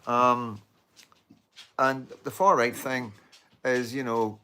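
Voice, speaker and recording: Taking his time, a Northern Irish online host wanders through a casual at-home monologue, swearing often and leaning on "you know what I mean." His mid-range voice stays level, pushed and bright, with dogs and slight background noise behind him.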